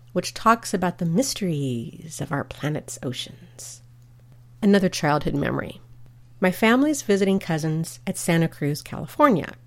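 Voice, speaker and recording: A woman hosts a scripted radio segment, reading out upcoming events. Between the listings she slips into chatty family anecdotes. Her delivery stays friendly and conversational. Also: lowish voice. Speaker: radio host.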